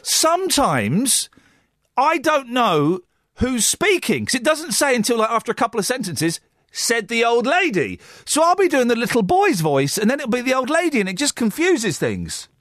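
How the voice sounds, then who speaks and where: Guy hosting a call-in radio show, high bouncy voice, super dry sound, goofs around a lot. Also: big pitch swings, moderate pace, fairly bright tone, no room sound. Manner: playful, rambling, jokey. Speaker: radio host. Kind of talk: radio phone-in chat.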